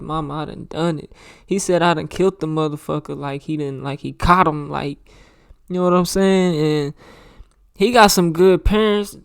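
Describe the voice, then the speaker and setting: A man hosts a reaction show with a slightly high, smooth, clean voice. He comments on a crime documentary in loose, slangy chat and keeps circling back to the same points. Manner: loose slangy talk, repeats himself, says "bro".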